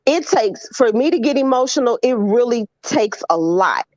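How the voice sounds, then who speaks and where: A woman's voice: fairly high pitch, animated, normal speed, a little mellow, dry recording. A woman co-hosting a casual vlog chat, earnest and questioning, with some profanity. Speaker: vlog co-host. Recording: slightly dull sound.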